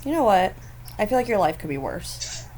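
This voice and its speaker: A chatty woman gives casual gameplay commentary at a middling pitch, with frequent giggles and animated asides. Faint outdoor noise from neighbors drifts in behind her voice. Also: moderate pace. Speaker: gaming channel host.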